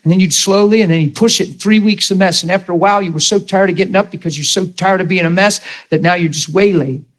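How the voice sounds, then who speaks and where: A man's voice: high-pitched, quick pace, few pauses, low-quality recording. A middle-aged man preaching a sermon, telling stories and calling out "Amen?" to his listeners. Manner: storytelling, emphatic call-and-response preaching.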